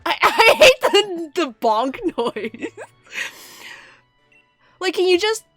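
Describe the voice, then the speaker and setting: A woman streams a game and chats casually, laughing often. Her bright, fairly high voice swings widely in pitch. The sound is dry and close, with faint game music behind her. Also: slow pace, no room sound. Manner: giggly and animated, with frequent laughs.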